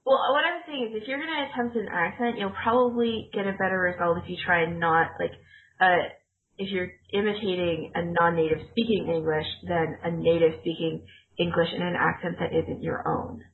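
A woman's voice: lowish voice, fairly even intonation, normal speed. A woman co-hosting a casual chat, explaining points in a teacherly, rambling way with fillers. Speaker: podcast co-host, former ESL teacher. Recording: tinny phone-like line.

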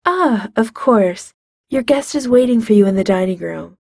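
A woman's voice: fairly high pitch, animated, normal speed, gravelly, a little mellow, breathy edge, no echo, studio quality, full character voice. A woman voicing a courteous, formal restaurant hostess. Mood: polite.

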